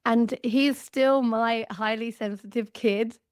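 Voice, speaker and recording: An Australian woman in her thirties, a guest author talking in a chatty, animated way on a podcast. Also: on the high side, unhurried, clean tone, dry recording, clean studio sound. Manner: animated, chatty, lots of "like" fillers. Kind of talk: podcast conversation.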